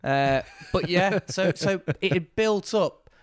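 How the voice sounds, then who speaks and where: Animated man telling a story. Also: high voice, slow. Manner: animated storytelling with quoted voices. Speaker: guest. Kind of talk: casual interview chat.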